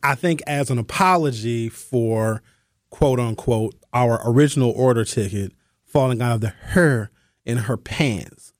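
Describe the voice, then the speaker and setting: A man hosting a radio show, telling a comic story in an animated, slangy way with emphatic asides to his listeners. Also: medium pitch, unhurried, dry recording, clean studio sound. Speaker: radio host.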